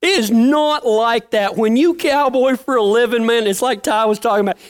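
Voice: medium pitch, normal speed. A working cowboy telling stories casually, in a folksy, plain-spoken way with rural slang. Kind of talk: casual storytelling.

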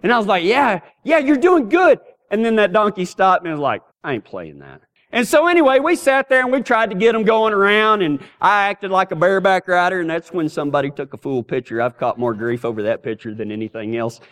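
A man's voice: sits high, fast, few pauses, fairly bright tone. A man pastor telling a rambling, folksy story in a sermon, often repeating words as he starts a sentence.

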